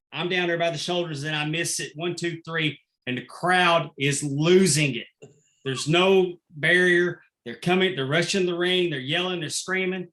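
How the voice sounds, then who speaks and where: Man, referee guest, forceful bright tone, animated yarn-spinner. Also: fairly high pitch. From Texas. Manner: animated anecdotal storyteller, acts out quotes. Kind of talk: casual storytelling interview.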